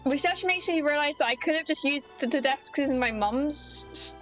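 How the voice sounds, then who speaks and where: A woman's voice: high-pitched, fairly quick, fairly bright tone, faint music behind, poor audio. A woman game streamer at home, chatty with self-deprecating asides, currently ill. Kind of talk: casual let's-play commentary.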